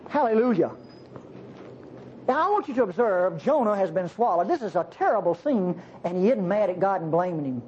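A preacher delivering a sermon in an animated way, with jokey asides to the congregation. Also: mid-range voice, a little fast. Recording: slightly dull recording with faint hiss.

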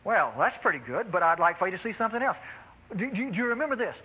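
A man preaching a sermon, animated and exclaiming, addressing the congregation as beloved. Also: high voice, quick pace, husky, highs cut off.

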